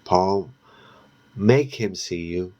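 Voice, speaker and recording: A frightened teenage girl who keeps insisting she is not crazy, as a man puts her on while reading a storybook. She pleads hard and presses her point. The voice stays low and unhurried. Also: mellow, dull audio, exaggerated voice. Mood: alarmed.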